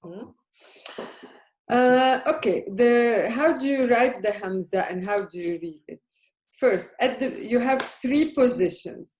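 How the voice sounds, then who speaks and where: A woman teaching a beginners' language class, speaking slowly and carefully. She keeps checking in with her students, and the room around her rings with echo. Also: on the high side, a little mellow. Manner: patient, questioning, checks understanding often. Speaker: Arabic teacher. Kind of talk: live beginner language lesson. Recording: echoey room.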